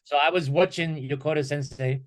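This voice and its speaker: A man guesting on a podcast, talking lively and acting out questions and quotes as he tells stories about training. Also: on the high side, fairly quick. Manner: animated storyteller who acts out quoted questions. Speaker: podcast guest, martial arts instructor. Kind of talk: conversational podcast talk.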